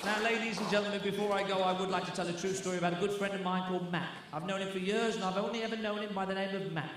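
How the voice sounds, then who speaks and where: An actor playing a bawdy old-school variety comedian, telling jokes to a live theatre audience. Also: male voice, sits high, steady tone, racing, natural voice. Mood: cheeky. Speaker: stand-up comedian character on stage. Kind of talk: stage play performance of a comedy act. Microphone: distant camera mic. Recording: echoey theatre from far off with hum.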